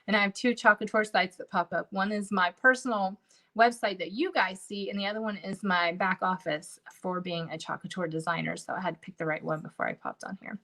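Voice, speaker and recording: A woman's voice: medium pitch, steady tone, brisk, fairly bright tone. A woman hosting a casual crafting livestream from home, chatty and bubbly, talking straight to her viewers. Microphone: livestream camera setup.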